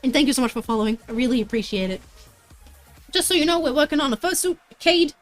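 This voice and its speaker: A woman livestreams while crafting, chatting with viewers in a bubbly, playful way and often singing or laughing. Her voice is high with lively intonation and a quick pace, heard over music.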